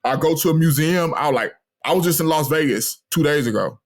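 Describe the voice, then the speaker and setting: A man from Austin with a Texan accent, an interview guest telling lively travel stories and laughing often. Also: on the high side, brisk. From Austin, Texas. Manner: animated, laughs often, acts out voices in anecdotes. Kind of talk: casual storytelling.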